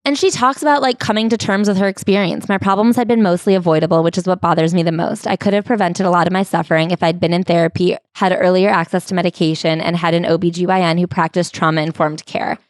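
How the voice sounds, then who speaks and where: A woman's voice: fairly low pitch, fairly even intonation, fast, hardly any pauses, no room sound. A woman co-hosting a comedic podcast, reading from a memoir and adding dry, sarcastic asides. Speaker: podcast co-host. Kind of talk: comedic book recap chat.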